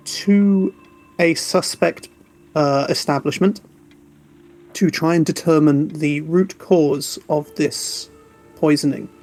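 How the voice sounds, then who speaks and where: A man doing a stern vampire prince, grave and businesslike. He speaks slowly and formally in a fairly high voice, laying out a briefing for his guests. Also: a little mellow, poor audio.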